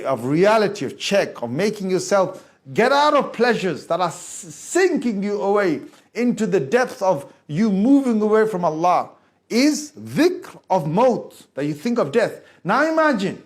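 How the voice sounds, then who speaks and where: A high-voiced man delivers an intense sermon to a gathering. He talks the listeners through picturing their own death, sinks to low, hushed passages, then rises to sharp exclamations. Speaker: preacher. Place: mosque hall before a gathering.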